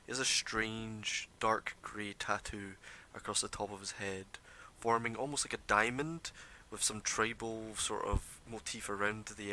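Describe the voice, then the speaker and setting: A man narrates a tabletop game as its game master, meandering through descriptions with plenty of fillers. His voice sits fairly low but has a bright, tense edge. There is a faint hiss under the recording. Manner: relaxed, rambling description full of fillers.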